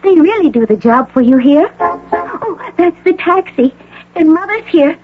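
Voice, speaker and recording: An actress playing a fragile, frightened young woman recovering from an overdose, pleading in a high, trembling voice in a 1980 radio drama. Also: lively intonation, a little slow, over music. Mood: dazed, bright. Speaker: patient. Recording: narrow phone-like radio broadcast.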